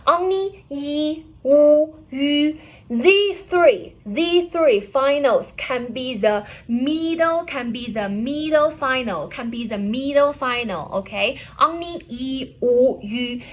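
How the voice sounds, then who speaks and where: A woman teaching a pinyin lesson, repeating every point and checking with "okay?". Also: fairly high pitch. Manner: repetitive, drilling each point with "okay?". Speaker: Chinese language teacher.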